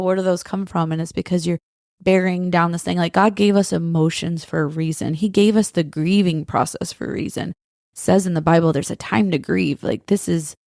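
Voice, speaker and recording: A woman's voice: fairly low pitch, vocal fry, darkish tone, no room sound, clean studio sound. A woman co-hosting a faith-based podcast, speaking tenderly and earnestly straight to listeners. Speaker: podcast co-host. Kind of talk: heartfelt faith-based talk.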